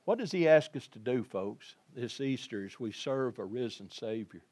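A male pastor preaching a sermon, telling the story vividly and addressing his congregation, moving between quiet passages and loud emphasis. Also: mid-range voice, animated, moderate pace. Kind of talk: Easter sermon.

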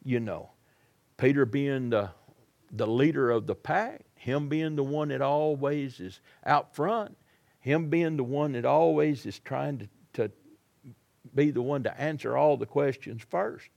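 A man's voice: medium pitch, measured pace, gravelly, a little mellow, dull audio. A man preaching a sermon in a folksy, dramatic way, acting out the people in the story.

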